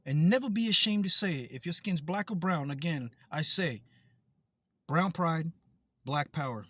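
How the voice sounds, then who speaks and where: A high-pitched man from the United States vents straight to camera in a heated vlog rant. He swears freely and hammers the same phrases again and again. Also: lively intonation, normal speed, fairly bright tone, dry recording. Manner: heated, profane, repetitive. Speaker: vlogger.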